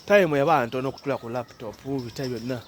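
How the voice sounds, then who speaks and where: A man's voice: medium pitch, normal speed, slight background noise. A man with a Ugandan accent talking casually to camera outdoors in cold weather, chatty and mixing English with Luganda. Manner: chatty, switching between English and Luganda, laughing asides. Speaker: vlogger. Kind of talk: casual vlog monologue.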